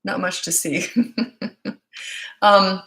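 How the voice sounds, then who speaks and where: Speaking very slowly in a steady, mid-range, fairly bright voice, a parenting coach with a Canadian accent answers viewers frankly during a live-stream Q&A, greeting them by location. The recording from her own microphone is rough.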